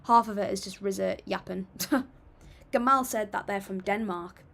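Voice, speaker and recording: A woman's voice: medium pitch, unhurried, creaky, fairly bright tone. A young British woman hosting a livestream, casually reading viewer comments aloud and answering them in a friendly, chatty way. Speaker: livestream host reacting to music.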